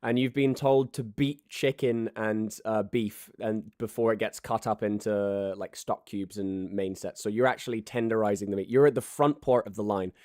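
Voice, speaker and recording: A man narrating a tabletop game as game master, lively and quick to slip into character voices. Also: on the low side, dry recording, studio quality. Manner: animated, yelling in character voices.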